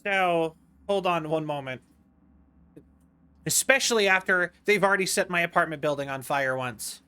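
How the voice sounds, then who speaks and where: Chatty, bright-voiced American streamer. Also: male voice, on the high side, moderate pace, smooth. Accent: General American. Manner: rambling, chatty, full of fillers and restarts. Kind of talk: casual live-stream chat. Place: home, indoors.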